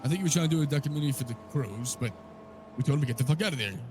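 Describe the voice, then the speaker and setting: A man recapping a wild story in character, swearing a lot and telling it with animated energy. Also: mid-range voice, very fast, slight background noise.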